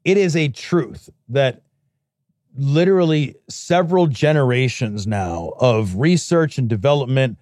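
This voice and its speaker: A man's voice: medium pitch, animated, measured pace, a little mellow, no echo, studio quality. A man co-hosting a podcast in casual chat, ranting emphatically and with profanity.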